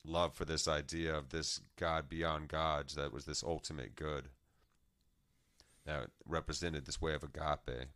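A man's voice: very deep voice, fairly even intonation, a little slow, fairly bright tone, no room sound, studio quality. A man co-hosting a podcast, musing at length in a casual philosophical discussion and sometimes trailing off mid-thought. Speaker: podcast co-host.

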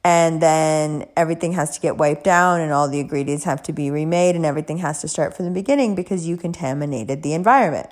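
A woman giving a casual motivational talk, telling an animated story and swearing casually. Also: sits low, fast talker, hardly any pauses. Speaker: motivational speaker.

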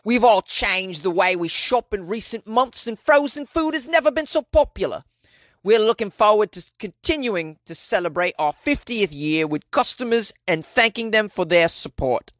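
A man voicing a boastful male company director in a deliberately poor British accent. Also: high voice, expressive, a bit bright, no room sound, clean studio sound, pitched above the performer's own voice. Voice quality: exaggerated put-on British accent. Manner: chirpy promotional boasting.

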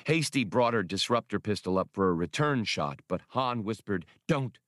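A man reads an action audiobook with animated storytelling. His voice is low but moves lively up and down. The recording is dry and close. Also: normal speed, no echo. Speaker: audiobook reader. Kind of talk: audiobook narration.

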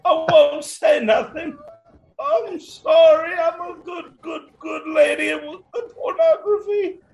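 A man putting on a terrified old woman who pleads in a thin, shrill falsetto. Her voice leaps up and down in frantic apology, gravelly at the edges. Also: expressive, measured pace, exaggerated voice, rough recording. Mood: pleading.

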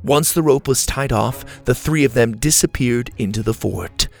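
A man reads a children's storybook aloud with steady, expressive narration. His voice is gravelly and husky at a middle pitch. Faint music plays underneath. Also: moderate pace.

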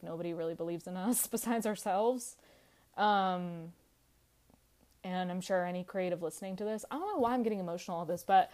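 A woman's voice: on the low side, a little mellow. Chatty woman podcast host, loose and candid. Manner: chatty, lots of "like" fillers, swears freely, laughs easily. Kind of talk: casual reflective monologue.

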